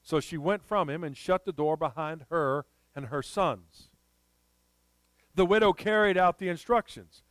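Guy preaching a sermon, fairly high voice, smooth and clear, dry close sound. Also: measured pace, fairly bright tone, no room sound. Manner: impassioned, storytelling, rising to emphatic.

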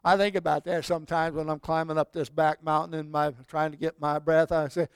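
Folksy preacher, high and clear. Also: male voice, flat delivery, fairly quick, no echo. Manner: folksy, swells loud then drops to near whispers. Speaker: pastor. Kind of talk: sermon.

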